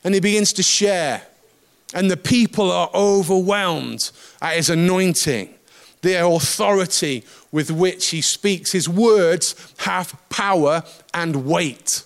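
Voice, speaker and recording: A male preacher with a notably high voice gives a sermon in a relaxed, conversational way. He mixes teaching with light humorous asides and lively emphasis. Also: slow pace, creaky.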